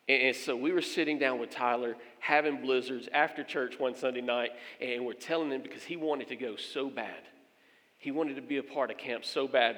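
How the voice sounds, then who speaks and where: A man's voice: mid-range voice, big-room sound. A man, a pastor, telling a funny story during a sermon, acting out the voices of the people in it. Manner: animated storyteller, acts out quoted voices.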